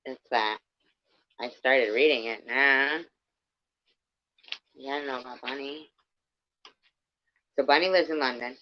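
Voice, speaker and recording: A woman's voice: extremely low pitch, unhurried, long pauses, no echo. Profane rambling woman reading aloud. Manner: rambling, profane asides, stop-start reading. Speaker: channel host. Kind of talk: reading a book aloud and reacting. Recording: dull lo-fi dry sound.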